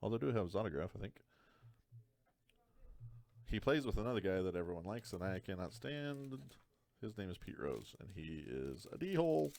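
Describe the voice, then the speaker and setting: A man's voice: deep voice, sing-song, moderate pace, vocal fry, pauses often, darkish tone. A man hosting a live card break, talking through each card with dry joking asides.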